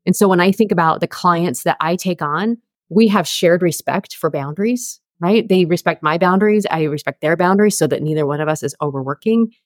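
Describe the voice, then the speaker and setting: A woman's voice: lowish voice, a little fast, no echo, clean studio sound. A woman in her forties, a career coach, talking candidly as an interview guest and telling her story with lots of fillers. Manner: candid, chatty, many fillers. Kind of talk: conversational storytelling.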